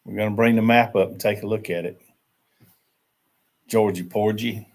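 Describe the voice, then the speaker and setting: An older man with a drawl hosts a relaxed live stream, and his voice sits a little low. He tells old jokes, greets viewers by name and ambles through small talk at an easy pace. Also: moderate pace, gravelly. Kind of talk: casual live stream chat. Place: rural camp.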